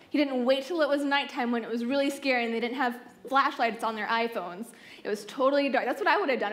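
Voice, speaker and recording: A young woman with a high, bright-sounding voice preaches from a conference stage. She reads scripture and retells it like a story, moving between lively, playful asides and soft, almost hushed moments. Her delivery is warm in pacing and personal. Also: slight background noise. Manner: expressive storytelling, drops to soft hushed tones. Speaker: youth conference speaker. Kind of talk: sermon, Bible teaching.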